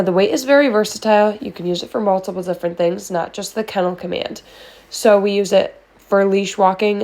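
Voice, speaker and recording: A woman's voice: fairly low pitch, darkish tone. A woman dog trainer explains her methods in a friendly, methodical voice-over. She lays out each step plainly, as if guiding a new owner. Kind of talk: instructional voice-over.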